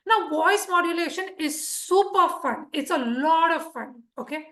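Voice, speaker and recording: A woman with a husky voice, giving a lively instructional talk to a speaking club and checking in with her audience often. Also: high-pitched. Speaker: Toastmasters speaker teaching speech craft.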